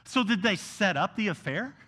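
A man preaches a sermon with a fairly high, bright voice. He talks earnestly and moves from quiet, soft passages to loud, pressing ones. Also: expressive, moderate pace, breathy edge. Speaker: pastor.

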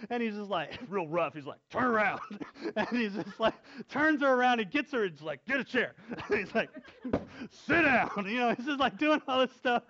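A man tells a story in a relaxed, chatty way, often laughing between phrases. His voice sits high for a man and is animated. The recording sounds dull and lo-fi. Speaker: youth pastor telling a story. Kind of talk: casual storytelling.

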